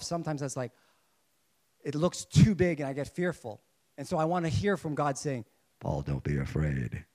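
A man delivering a sermon with a fairly high voice. He preaches in a lively way, putting questions to the congregation and slipping in jokes. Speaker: pastor.

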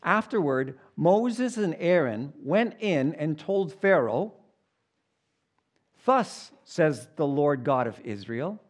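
A man preaching, slowly reading scripture aloud and then explaining it in plain, conversational words. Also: big pitch swings. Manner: acts out voices with big pitch jumps. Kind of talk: Bible teaching.

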